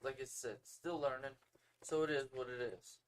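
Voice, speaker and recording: A man's voice: mid-range voice, moderate pace. Laid-back casual man, stream co-host. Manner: laid-back, shrugging, repeats "it is what it is". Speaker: podcast co-host. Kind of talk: casual livestream chat. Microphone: phone or home streaming setup.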